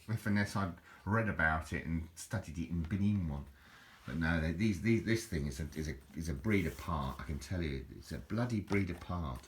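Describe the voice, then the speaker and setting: A man's voice: deep voice, slight background noise. A middle-aged man, rambling in a casual, jokey video monologue with frequent restarts. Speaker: vlogger.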